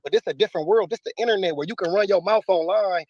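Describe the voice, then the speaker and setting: A man's voice: high-pitched, fast talker, darkish tone, dry recording, highs cut off. A man speaking in a heated interview, combative, emphatic and profane. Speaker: battle rapper interviewee.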